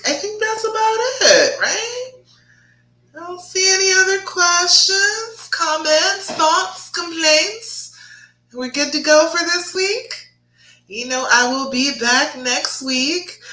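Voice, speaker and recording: A woman's voice: low-pitched, pushed and bright. A woman, a relationship coach talking live to viewers, encouraging and checking in with "okay?". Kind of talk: live-stream coaching talk. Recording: echoey room.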